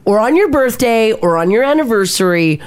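A woman co-hosting a radio show in casual morning-show chat, telling stories in a chatty, animated way into a studio mic. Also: a little high, brisk.

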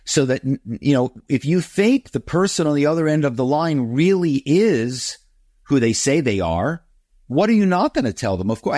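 A man's voice: fairly high pitch, sing-song, normal speed, darkish tone, dry recording, studio quality. A middle-aged man, a guest author, telling stories in an interview and acting out phone calls in other voices. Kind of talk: interview storytelling.

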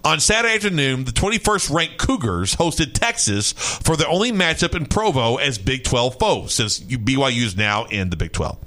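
A young man from Kentucky co-hosting a sports talk radio show, ranting and excitable, quick to shout. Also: medium pitch.

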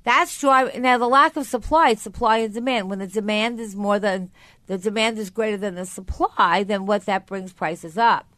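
A woman's voice: mid-range voice, steady tone, moderate pace, fairly bright tone, no room sound, studio quality. An older woman hosting a radio talk show, chatty and rambling, often correcting herself mid-sentence. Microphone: studio mic.

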